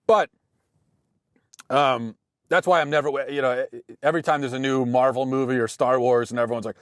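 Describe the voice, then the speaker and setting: An American man in his thirties hosting a show, talking through a casual monologue with dry, deadpan humor and frequent restarts. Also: mid-range voice, moderate pace, dry recording. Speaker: podcast host.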